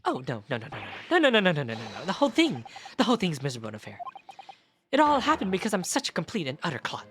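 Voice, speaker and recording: A man's voice: huge pitch swings, rapid-fire, fairly bright tone, faint music behind, heavily acted. A man doing a frantic, fretful old professor. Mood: self-pitying. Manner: high-pitched, fretful, exclamatory. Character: frantic eccentric older male professor, self-pitying.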